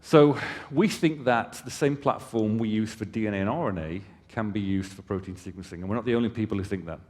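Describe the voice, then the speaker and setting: This presenter, representing his company on a conference stage, talks fairly fast in a voice that sits a little low. His delivery is relaxed and conversational, with casual asides to listeners, and a long reverb lingers through the hall.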